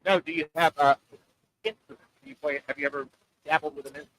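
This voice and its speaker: A man hosting a live radio show from an open-air oyster bar, chatting loosely and joking in a rambling, animated way. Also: a little high, fast, no room sound, rough recording. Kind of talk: casual radio chat.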